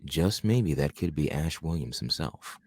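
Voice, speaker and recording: A man's voice: extremely low pitch, expressive, measured pace, a little mellow, dry recording, clean studio sound. A man co-hosting a podcast, chatting casually and enthusiastically about a horror film, rambling with many restarts. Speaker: podcast co-host. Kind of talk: casual film review chat.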